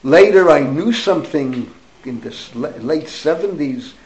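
A man's voice: on the high side, animated, a little slow, darkish tone, poor audio. An older man, a rabbi, giving an informal Torah class, rambling through anecdotes sprinkled with Hebrew and Yiddish and calling on his students by name.

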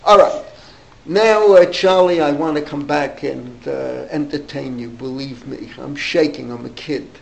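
Gravelly older New man rambling. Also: on the high side, a little slow. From New York. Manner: digressive, many fillers and restarts. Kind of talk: rambling anecdotal storytelling. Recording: roomy echo, faint background noise.

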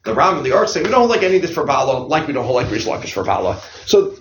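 A man teaching a study class on religious law, animated and questioning, often putting questions to his students. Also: mid-range voice, rapid-fire, echoey room, slight background noise. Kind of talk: halacha study lecture.

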